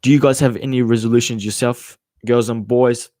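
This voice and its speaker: Hosting a casual live Q&A on his podcast, a hot and sweaty nineteen-year-old Aussie rambles, curses freely and keeps calling listeners mate. His mid-range voice is steady and mellow, his pace brisk, with no room sound.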